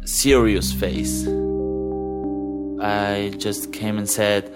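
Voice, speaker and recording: Slow-spoken man. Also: lowish voice, fairly even intonation, over loud music. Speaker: storyteller. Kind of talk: personal storytelling.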